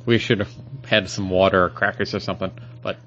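A man co-hosting a podcast, talking casually about comic books and beer, joking with animated delivery. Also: sits low, brisk. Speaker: podcast co-host. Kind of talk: casual chat. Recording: dull lo-fi podcast audio.

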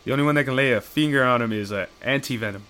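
A man's voice: mid-range voice, very fast, a bit bright, smooth. A man in casual chat, rambling and swearing as he retells comic storylines and acts out the characters' lines.

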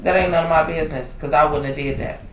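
A man co-hosting a podcast in casual chat, profane and animated, ranting with lots of swearing. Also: a little high, fast talker, far from the mic. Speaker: podcast co-host. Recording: echoey, dull, from off-mic with faint background noise.

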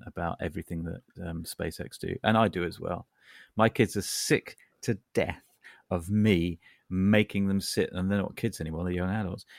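A man in his fifties, co-hosting a podcast in casual chat, rambling and jokey with bursts of excitement. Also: low-pitched, gravelly, dry recording, clean studio sound. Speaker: podcast co-host. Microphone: computer mic on a remote call.

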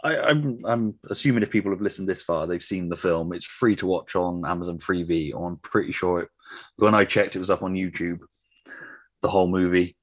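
A man's voice: low-pitched, steady tone, brisk, no room sound. A man co-hosting a film podcast, laid-back and hesitant. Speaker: podcast co-host. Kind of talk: casual film podcast chat.

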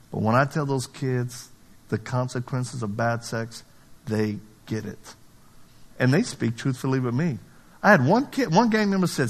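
A middle-aged man from Louisiana preaching a live sermon, telling stories and acting out the dialogue, his voice jumping high for emphasis. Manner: animated, acts out dialogue, pitch jumps high for emphasis. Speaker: pastor.

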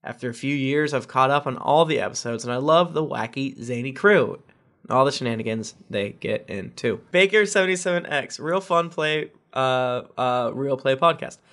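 A man's voice: medium pitch, normal speed, fairly bright tone. A man hosting a podcast, reading listener reviews aloud with joking asides. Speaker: podcast host.

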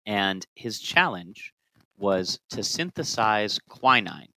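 Podcast co-host guy, lowish bright voice, jokey science storytelling. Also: sing-song, slow, poor audio. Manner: playful, explains chemistry history with jokes. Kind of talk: casual conversational podcast.

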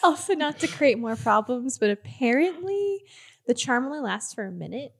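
A woman's voice: high-pitched, very animated, normal speed, gravelly, breathy edge. A woman playing a tabletop game on a podcast, giggly and playful. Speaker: player. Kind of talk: casual tabletop game play.

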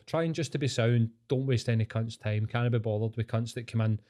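A man's voice: medium pitch, brisk, few pauses, mellow. A man with a Scottish accent, hosting a podcast as a casual chat and telling rambling, sweary stories. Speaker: podcast host.

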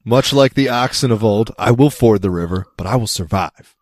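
A man hosting a casual podcast chat over a remote call. He speaks in a crescendo way, starting low and building up. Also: normal speed, darkish tone, no echo, clean studio sound. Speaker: podcast host. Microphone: remote call recording.

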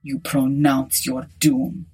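A woman voicing an old male prophet who delivers solemn warnings slowly and gravely. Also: rumbling low, flat delivery, a little mellow, voice pushed down, full character voice.

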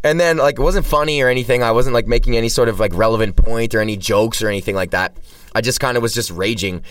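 This comedian talks fast in a mid-range, fairly bright voice while hosting his solo podcast, rambling loosely with heavy profanity and frequent restarts. The sound is distant and dry, coming from a cheap mic positioned well back from him.

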